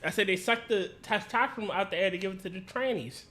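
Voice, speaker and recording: A man's voice: sits high, quick pace, sharp tone. A man chatting casually while gaming online, laughing often, complaining, and stammering through replies.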